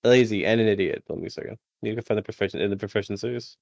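A man's voice: lowish voice, fairly even intonation, very fast, gravelly, a little mellow, no room sound. A man playing a tabletop game over voice chat, rambling, self-deprecating and often restarting his sentences. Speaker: player.

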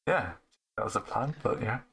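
A man's voice: fairly low pitch, lively intonation, moderate pace, gravelly, fairly bright tone, slightly rough, rough recording. A man running a tabletop game over voice chat, narrating rolls and turns in a matter-of-fact way. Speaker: game master.

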